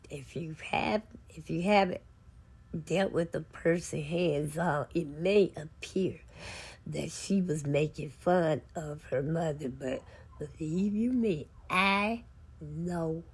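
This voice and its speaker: A woman tells family stories straight to her camera, slow and unhurried. Her voice is husky and sits a little low, with a folksy, heartfelt warmth in how she talks. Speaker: vlogger and author. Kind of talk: casual storytelling to camera.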